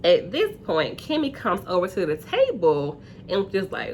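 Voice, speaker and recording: A woman hosting a casual reality TV recap, chatty and acting out quotes in high voices. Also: wildly swooping pitch, normal speed, a little mellow, slight background noise.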